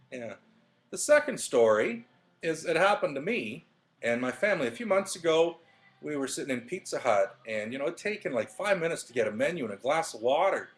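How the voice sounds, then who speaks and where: Man, webcam vlog, living room at home, rambling casual storytelling, lots of fillers and restarts, mid-pitched voice. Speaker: vlogger. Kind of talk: casual motivational monologue.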